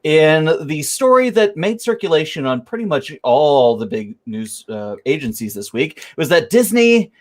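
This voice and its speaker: A man's voice: on the high side, big pitch swings, normal speed, few pauses. A man hosting a podcast who moves the group on to the next topic with announcer-style intros. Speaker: podcast host.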